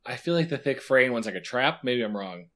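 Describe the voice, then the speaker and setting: A man co-hosting a podcast, chatting casually with quick reactions and lots of fillers. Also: mid-range voice, lively intonation, a bit bright. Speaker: podcast co-host. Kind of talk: casual chat.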